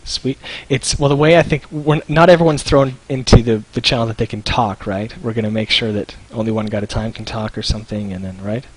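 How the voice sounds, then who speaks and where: A man's voice: fairly low pitch, steady tone, fairly quick, few pauses, breathy edge, rough recording. A man from Canada hosting a casual live stream, loose and jokey, laughing often. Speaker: show host.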